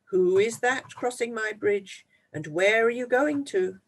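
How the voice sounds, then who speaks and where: A gruff, menacing troll from a children's storybook bellows his threats low and loud, as a storyteller puts him on. He talks slowly, with a gravelly growl in the voice. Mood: threatening. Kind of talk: storybook read-aloud.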